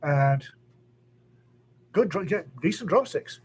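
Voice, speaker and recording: A man's voice: on the high side, animated, slow pace, a little hiss or hum. A man chatting casually as a podcast co-host, rambling with many restarts. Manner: rambling, frequent restarts and fillers. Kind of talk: casual chat.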